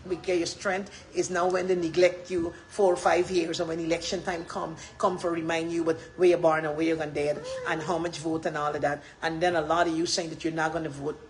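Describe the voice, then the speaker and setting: A woman with a Guyanese accent, speaking passionately as a political campaigner on a livestream, often rising into loud, emphatic shouts. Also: deep voice, little pitch movement, brisk, hardly any pauses, rough recording.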